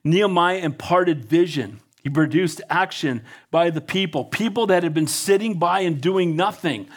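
A man's voice: fairly high pitch, moderate pace. A man preaching a fervent sermon, reading scripture aloud and urging his listeners to action. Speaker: pastor.

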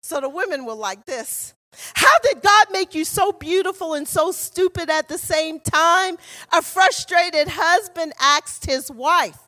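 A middle-aged woman preaching a sermon in a church, telling stories and rising often to passionate shouts. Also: extremely high pitch, animated, unhurried. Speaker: guest preacher. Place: church sanctuary.

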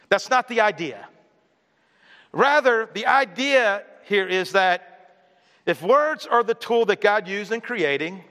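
A man's voice: high-pitched, pushed and bright, long reverb tail. A male pastor preaching a sermon in a conversational way, often putting questions to the congregation.

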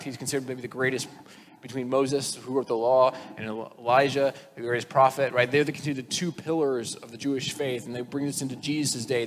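Man preaching in a reverberant hall. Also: medium pitch. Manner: conversational, animated storytelling with acted quotes. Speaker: pastor. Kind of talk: sermon. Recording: long reverb with faint noise.

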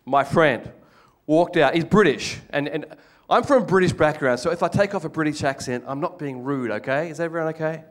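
A man's voice: on the high side, a little fast, hardly any pauses. An older man with an Australian accent preaching a sermon, telling stories with jokes and acting out the voices of people in them. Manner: animated storytelling with jokes, acts out quoted voices.

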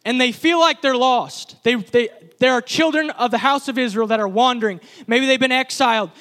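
A man's voice: very high voice, moderate pace, fairly bright tone. A man preaching a sermon at a church service, speaking with passion in repeated, building phrases.

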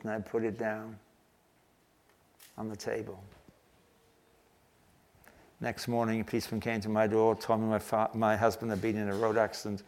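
An older man preaching a sermon, telling a story earnestly and slowing down to stress key phrases. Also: lowish voice, little pitch movement. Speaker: pastor.

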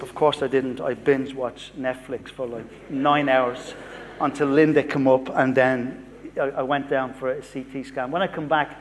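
A man's voice: medium pitch, fairly even intonation, moderate pace, big-room sound, a little hiss or hum. A man in his fifties, a pastor, preaching a sermon built on a personal story and acting out the dialogue.

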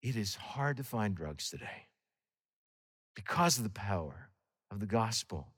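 A man's voice: on the low side, unhurried, slightly rough. Canadian man preaching in a reverberant hall. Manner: storytelling, animated swings between loud and hushed. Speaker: guest preacher. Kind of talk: sermon.

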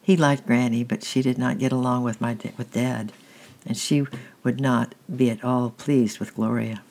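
A man reads a children's chapter book aloud at an even, middling pitch. His delivery is plain and steady, with the odd restart as he goes. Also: normal speed, gravelly. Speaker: audiobook reader. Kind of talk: storybook narration.

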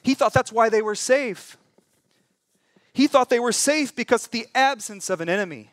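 A man preaching in a church, his voice light and high for a man. He retells scripture like a campfire story, dropping to a hush and then rising loud. The sound is dry and close to the mic. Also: lively intonation, normal speed, no room sound. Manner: dramatic storytelling with wide swings in pitch and volume; conversational asides and humor. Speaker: pastor. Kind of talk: sermon.

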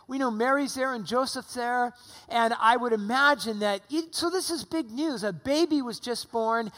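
A man's voice: extremely high pitch, sharp tone. A middle-aged man preaching a sermon in a church, conversational, with rhetorical questions, while recovering from pneumonia. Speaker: pastor. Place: church sanctuary. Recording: long hall reverb.

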